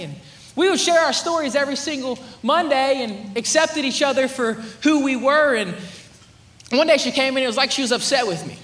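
A young man preaching, telling a story with animated swings from loud to hushed. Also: very high voice, fairly quick. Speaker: youth preacher. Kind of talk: sermon with storytelling. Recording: echoey room, faint ambience.

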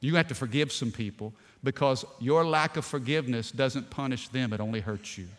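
A male pastor preaching a sermon, animated and emphatic, often rising in force. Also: medium pitch, brisk, long reverb tail.

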